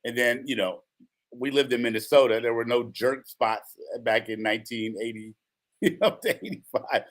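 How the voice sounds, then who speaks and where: A man co-hosting a casual chat, relaxed and affirming, often saying okay and right. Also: mid-range voice, normal speed. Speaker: co-host.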